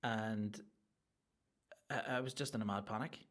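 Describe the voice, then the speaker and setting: A man hosting a solo comedy podcast, ranting in a crude, rambling and excitable way. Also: lowish voice, a little slow. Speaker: podcast host.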